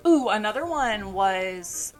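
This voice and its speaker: A young woman co-hosting a podcast, telling retail stories in a lively casual way and swearing freely. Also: medium pitch, takes it slowly, soft background music. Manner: animated storytelling, swears freely. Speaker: podcast co-host. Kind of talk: casual chat.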